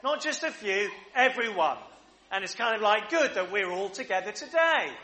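A man's voice: high voice, animated, moderate pace, bright, forceful tone. A man preaching a sermon at a church service, leading the congregation in prayer and call-and-response questions. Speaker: pastor.

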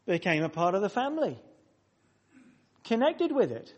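A man's voice: sits high, very animated, normal speed. A man preaching a sermon to his congregation, emphatic and repeating phrases for weight, speaking directly to the people in the church.

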